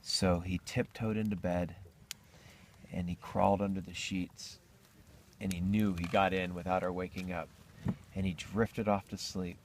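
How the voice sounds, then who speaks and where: A man telling a campfire story in an animated, joking manner. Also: low voice, a little slow, a little hiss or hum.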